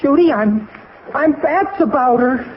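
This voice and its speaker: Lovestruck teenage boy, stammering, gushing, lively pitch, 1940s radio comedy, faint hiss. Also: unhurried. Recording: dull old radio broadcast with faint hiss.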